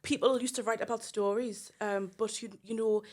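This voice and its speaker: A woman's voice: fairly high pitch, steady tone, normal speed, darkish tone, natural voice. A woman putting on a Geordie accent, voicing a chatty northern English woman. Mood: wistful.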